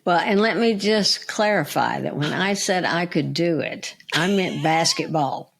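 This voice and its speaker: Lively low-voiced woman co-host. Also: measured pace, vocal fry. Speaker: podcast co-host. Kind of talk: casual chat.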